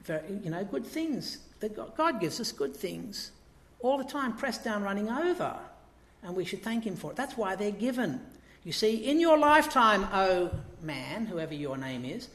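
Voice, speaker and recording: Animated preacher man in an echoey church. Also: high-pitched, moderate pace. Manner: animated, rising to emphatic peaks. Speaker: pastor. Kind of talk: sermon.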